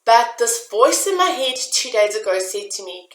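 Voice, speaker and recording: A woman's voice: on the high side, very animated, normal speed, echoey room, low-quality recording. A woman giving an earnest, confessional motivational talk straight to her listeners. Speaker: self-help vlogger. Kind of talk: personal motivational talk to camera.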